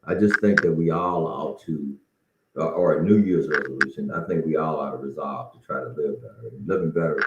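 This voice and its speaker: Here a middle-aged man hosts his solo podcast with a rumbling low voice, talking a little fast over some background noise. He's folksy and encouraging, slightly winded, and keeps restarting his lines, all captured in a roomy, dull lo-fi recording.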